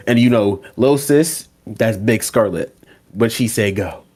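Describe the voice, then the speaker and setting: A man's voice: fairly low pitch, measured pace, breathy edge. A man hosting a casual anime podcast, retelling episodes and acting out characters' lines. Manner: animated storytelling, acts out characters' lines, laughs often. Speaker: podcast host. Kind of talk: casual anime recap chat.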